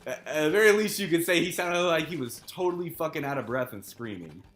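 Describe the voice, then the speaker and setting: A man's voice: fairly high pitch, animated, quick pace, faint music behind. Swearing gaming streamer man, echoey room. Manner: swears a lot, laughs often, loud outbursts while playing. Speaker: live streamer. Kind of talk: casual gaming stream chat.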